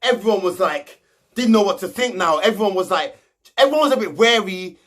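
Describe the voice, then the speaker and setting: Young male vlogger, high-pitched, rambling and sarcastic casual recap. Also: lively intonation, fairly quick, a bit bright. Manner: slangy, mocking, rambling. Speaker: reality show recap host.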